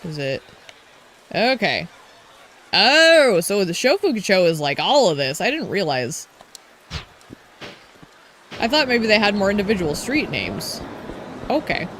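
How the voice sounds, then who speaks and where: A woman's voice: mid-range voice, very animated, measured pace, pauses often, a bit bright. A woman streamer giving casual, chatty commentary while playing a game, with giggly asides. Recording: noisy home stream.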